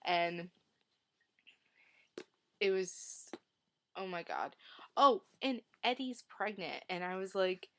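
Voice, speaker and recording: A woman's voice: medium pitch, animated, slow, pauses often. A woman talking casually about a book she read, retelling the plot with lots of "like" and strong feelings about the characters. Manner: chatty, heavy use of "like", emotional retelling. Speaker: book reviewer. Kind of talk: casual book review vlog.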